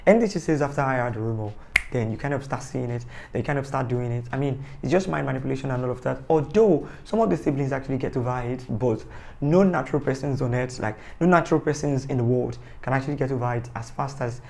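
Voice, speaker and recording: A man's voice: mid-range voice, quick pace, creaky, darkish tone. A man giving a casual, rambling, joking review of a TV series, often correcting himself. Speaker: TV show reviewer.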